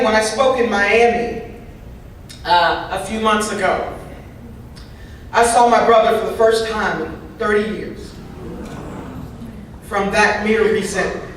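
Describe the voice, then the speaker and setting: A woman's voice: mid-range voice, slight background noise. A woman voicing a signed first-person recovery talk at a convention, in a humorous, conversational storytelling manner. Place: large convention hall. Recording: very echoey hall from far off.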